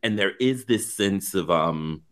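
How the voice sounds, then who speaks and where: Low-voiced, emphatic male podcast co-host. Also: measured pace, smooth. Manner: animated, emphatic, profane. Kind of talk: casual chat.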